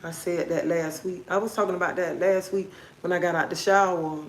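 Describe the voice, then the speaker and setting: A woman's voice: lowish voice, steady tone, fairly quick, reverberant, a little hiss or hum, low-quality recording. A woman hosting a livestream, giving a repetitive, preachy, encouraging motivational talk. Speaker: livestream host.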